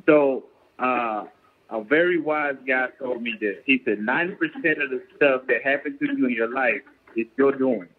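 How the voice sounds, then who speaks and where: A man's voice: mid-range voice, moderate pace, slight background noise. A man, a professional boxer and guest, talking casually and earnestly, often checking that he is understood. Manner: earnest, keeps asking "you get what I'm saying". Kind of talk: casual chat. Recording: tinny phone-line call.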